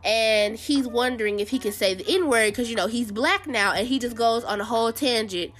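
A woman's voice: on the high side, normal speed, a bit bright. A woman hosting a show, giving casual pop-culture commentary in a blunt, sassy way and talking straight to her viewers. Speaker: show host.

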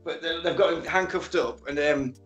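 A man's voice: on the high side, moderate pace, a bit bright, echoey room, highs cut off, faint music behind. A man casually recapping a film plot on a podcast, swearing and acting out lines as he goes. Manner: retells scenes with acted-out quotes and swearing.

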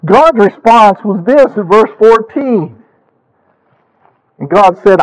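A man with a high voice delivers a sermon over a radio broadcast. He tells stories and lifts into animated emphasis on his key points. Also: takes it slowly, rough recording. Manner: storytelling, animated with rising emphasis. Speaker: preacher.

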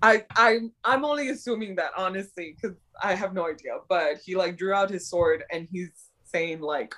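A young woman co-hosting a casual chat, excitedly retelling scenes in slangy talk. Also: lowish voice, normal speed. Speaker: podcast co-host. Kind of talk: casual chat recapping a drama.

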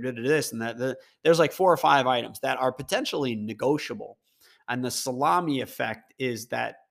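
A man's voice: medium pitch, vocal fry. A man hosting a podcast on his own, talking casually and rambling, with many restarts and repeated words. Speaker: podcast host. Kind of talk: casual solo podcast talk.

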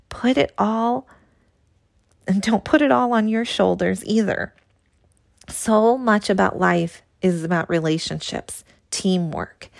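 A woman's voice: mid-range voice, creaky, no echo. A woman hosting a solo podcast, coaching listeners in an earnest, direct way and repeating points for emphasis. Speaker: podcast host and spiritual coach. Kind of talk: motivational solo podcast talk.

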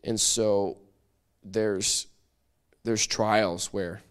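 A man teaching a church Bible study, conversational and lively, acting out little quoted voices as he explains. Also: lowish voice, unhurried, faint music behind.

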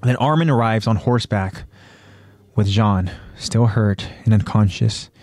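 A man hosts a podcast and walks through an anime episode scene by scene, with casual fillers. His voice is low and dry, close to the mic. Faint music runs underneath. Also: unhurried, darkish tone, dry recording. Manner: plain retelling with fillers and acted quotes. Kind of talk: episode recap narration.

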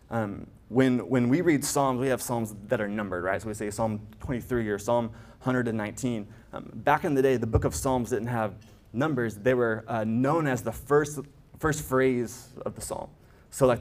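A man preaching as a pastor, earnest, with restarts and emphatic rises. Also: medium pitch. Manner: earnest, builds to emphatic peaks, stammers on restarts. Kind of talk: sermon.

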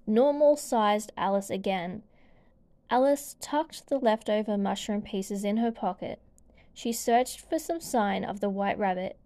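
Woman storybook narrator; unhurried, clear, slightly high-pitched read-aloud. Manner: slow, gentle, clear reading.

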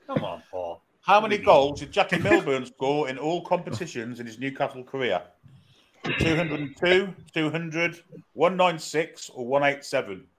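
A man reading quiz questions in a slightly high voice, listing the answer options one by one. A faint hiss and some clicks sit under his voice. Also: expressive, moderate pace. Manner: reads questions and multiple-choice answers. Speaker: co-host quizmaster. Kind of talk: casual live-stream quiz.

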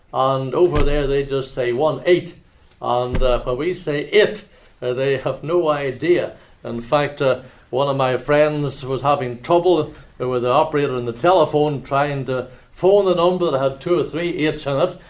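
At a medium pitch, a Northern Irish man with an Ulster accent preaches in church. Chatty anecdotes come first, then a solemn, measured reading of scripture.

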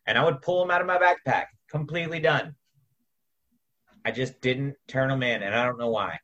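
Thirties co-host, a man with a bright, conversational voice who tells stories thoughtfully. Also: medium pitch, moderate pace, rough recording. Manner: laughing, reflective storyteller. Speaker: podcast co-host. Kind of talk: casual chat.

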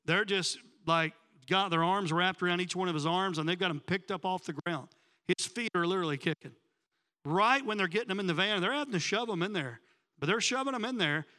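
Preacher guy, high pitched, storytelling sermon, big echoey church hall. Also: smooth. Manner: animated storyteller acting out quoted voices. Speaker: pastor.

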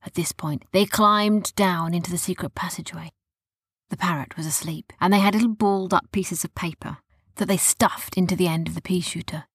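A woman narrating a children's story softly, often dropping to a whisper. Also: fairly low pitch, steady tone, a little fast, slightly rough, no echo, clean studio sound.

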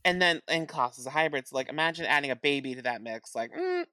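Low-voiced woman gushing about a tv show, laughs a lot, dry mic. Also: quick pace, no room sound. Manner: excitable, laughs often, swears. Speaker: podcast co-host. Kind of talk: casual TV recap chat.

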